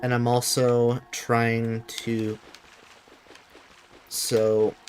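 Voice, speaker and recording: A man with a deep voice and a Midwestern accent, casually commenting while streaming a game, hesitant with many fillers. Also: monotone, extremely slow, slight background noise. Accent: Midwestern American. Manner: hesitant, filler-heavy, self-deprecating.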